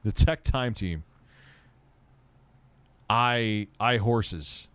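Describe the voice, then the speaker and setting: A man's voice: lowish voice, very slow, a bit bright, smooth, no echo. A man answering viewer questions on a casual live stream, blunt and rambling, often heated and swearing.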